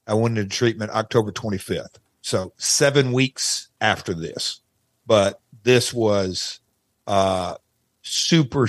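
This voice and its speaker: A man talking as a podcast guest, telling stories in a casual, animated way with quick asides. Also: on the low side, dry recording, studio quality. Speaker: podcast guest, wrestling announcer. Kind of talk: casual chat, candid storytelling.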